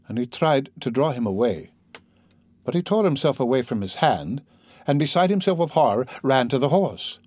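Man reading a novel aloud, lively ups and downs, dry close sound. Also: mid-range voice, normal speed, husky, no room sound. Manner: expressive storytelling. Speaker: narrator. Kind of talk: audiobook narration.

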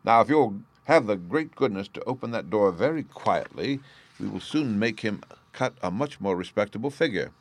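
A man doing a calm, precise detective. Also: on the low side. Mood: dry. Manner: measured, composed, precise. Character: calm shrewd Victorian detective, adult man.

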